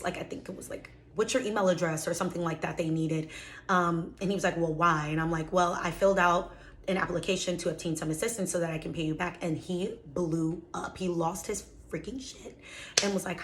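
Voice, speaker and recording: A woman's voice: fairly low pitch, fairly even intonation, moderate pace, a little hiss or hum. A woman telling a personal story in a chatty, casual way, full of fillers and exasperated asides. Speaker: vlogger.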